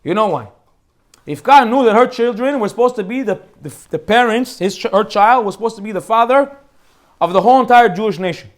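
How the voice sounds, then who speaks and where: A man teaching an informal Torah class as a rabbi, animated and joking as he acts out the people in his stories. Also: high-pitched, a little fast.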